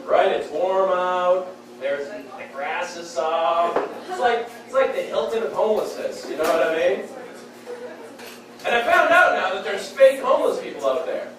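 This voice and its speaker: A young man from Saskatchewan doing a wry, casual stand-up set on a club stage, acting out quick quotes. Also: sits high, expressive, a crowd in the background. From Saskatchewan, Canada. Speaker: stand-up comedian. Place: comedy club stage in a beer hall. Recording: very echoey club room, mic distant. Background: audience laughing.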